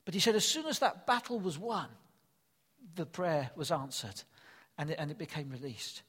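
A man's voice: on the high side, animated, moderate pace, fairly bright tone, slightly rough, long reverb tail. An older man preaching a sermon, earnest and emphatic, repeating his key phrases.

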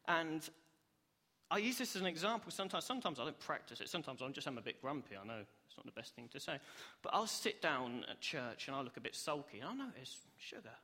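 A man's voice: a little high, pushed and bright. A young man preaching a sermon in a church hall, earnest and upbeat, acting out the reactions he describes. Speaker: preacher, cell group leader. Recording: long hall reverb.

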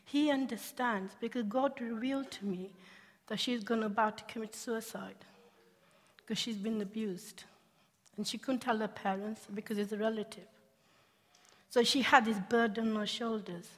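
Animated woman preaching a testimony in a reverberant hall. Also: a little high, moderate pace. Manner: animated storyteller, laughs often, asks the audience questions. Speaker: speaker sharing a testimony. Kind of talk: testimony sermon.

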